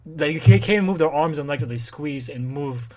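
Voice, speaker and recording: A man's voice: a little high, lively intonation, normal speed, mellow. A man co-hosting a podcast, chatting casually and eagerly explaining his points. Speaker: podcast co-host. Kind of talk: casual chat.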